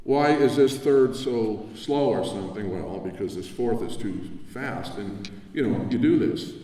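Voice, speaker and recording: A man's voice: on the low side, unhurried. Older man speaking from afar in an echoing hall. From New Jersey. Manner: warm, reminiscing, conversational with asides. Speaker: award recipient giving acceptance speech. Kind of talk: acceptance speech at a convention. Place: large convention hall. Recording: echoey hall from far off.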